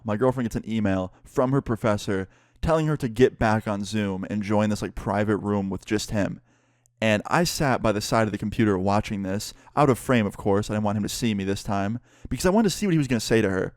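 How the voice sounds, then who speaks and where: A man's voice: fairly low pitch, fast, no echo, clean studio sound. A young man casually telling a story-time vlog, laid-back and rambling with many fillers. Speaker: YouTuber.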